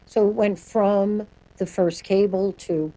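A woman speaking as a sonic branding guest in an interview, answering in a quick, animated way and laughing often. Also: medium pitch, rough recording.

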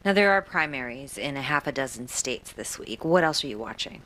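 A woman anchoring a news program, asking calm, composed questions and introducing reports. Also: rumbling low, fairly quick.

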